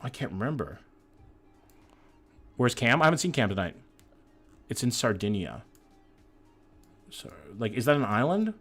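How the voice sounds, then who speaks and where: Man, live streamer, casual gaming chat, reads chat aloud, swears a lot, jokey, sudden hype bursts, mid-pitched voice. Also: a little slow, pauses often, faint music behind. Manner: loose and joking, reads chat messages aloud, swears freely; bursts of excited hype between calmer musing. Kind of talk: casual live-stream chat while playing a map-guessing game.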